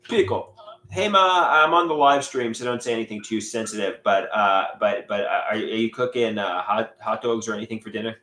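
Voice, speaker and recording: A man's voice: on the low side, a little fast, hardly any pauses, sharp tone. A man rambling in a live stream monologue from home, stammering and repeating his words as he mutters to himself. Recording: echoey room.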